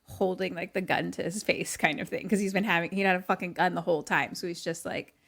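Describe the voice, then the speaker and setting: A woman's voice: lowish voice, quick pace, gravelly. A woman co-hosting a podcast over a remote call, casually retelling a film plot and acting out the characters' lines with frequent laughter. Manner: animated, acts out characters' lines, laughs often. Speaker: podcast co-host.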